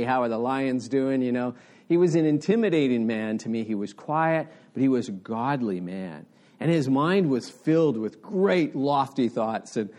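Middle-aged male pastor, earnest conversational sermon, animated pitch. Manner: earnest, conversational preaching with rising emphasis.

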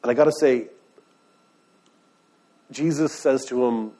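A pastor with a mellow, medium-pitched voice preaches at a measured pace, keeping his tone conversational. He asks the listeners questions and retells scripture in everyday speech.

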